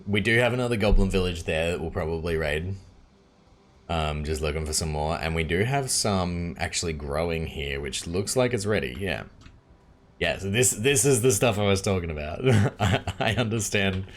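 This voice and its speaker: A man's voice: deep voice, moderate pace. A man with an Australian accent, chatting casually and laughing often while he streams a game. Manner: chatty and relaxed, laughs often, many fillers. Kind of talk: casual live-stream chat while playing.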